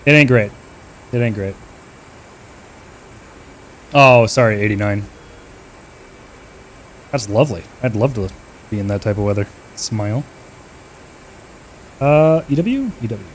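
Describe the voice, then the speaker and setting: A man's voice: on the low side, unhurried, pauses often, a little mellow, a little hiss or hum. A man streaming a flight simulator, trading loose, profane banter with his chat and making short radio calls to teammates.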